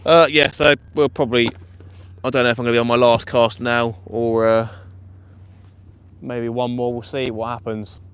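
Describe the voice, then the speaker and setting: A man's voice: medium pitch, moderate pace, clean tone. Chatty man fishing live. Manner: chatty, excitable, laughs often. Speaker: fishing vlogger. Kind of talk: live-stream commentary. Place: outdoors at night on a waterside pier. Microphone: camera or phone mic on a live stream.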